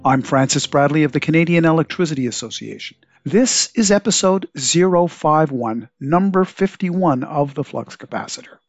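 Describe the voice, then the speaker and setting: A congested man with a slightly higher voice hosts a podcast, reading his introduction in a measured, clearly enunciated way. The recording is dry and close, with no room sound. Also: animated, no room sound. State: congested from a cold. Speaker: podcast host. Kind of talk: scripted podcast intro and interview. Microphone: home setup over video call.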